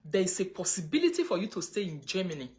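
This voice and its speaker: A woman's voice: lowish voice, big pitch swings, fast talker, a little mellow. A Nigerian woman chatting casually on a livestream, reading viewer comments and mixing pidgin with English. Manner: chatty, mixes pidgin and English, breaks into laughter. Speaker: livestream host.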